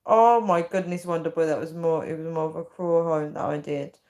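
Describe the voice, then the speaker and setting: A woman's voice: deep voice, fairly even intonation, brisk, darkish tone. A woman in her thirties, tired and chatty, reading out comments on a casual live stream. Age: 30s. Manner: chatty and giggly, often breaking into laughter. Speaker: livestream host.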